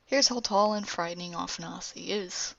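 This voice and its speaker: A woman casually pitching her own animated show, rambling with fillers and self-corrections, on a lo-fi recording. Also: normal speed, vocal fry. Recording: dull lo-fi home recording.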